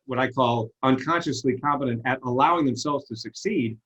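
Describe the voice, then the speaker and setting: A man's voice: medium pitch, fairly quick, poor audio. A man telling stories in a casual interview, earnest and self-deprecating, over a video call. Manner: earnest storytelling, self-deprecating, animated retellings. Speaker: interview guest, success coach.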